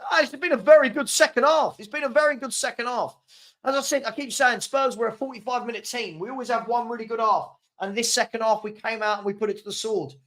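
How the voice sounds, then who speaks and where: High-voiced man hosting a watchalong. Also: fast talker. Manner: animated, reacts to live chat, chuckles often. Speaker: host of a football fan watchalong. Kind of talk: live watchalong chat and match reaction.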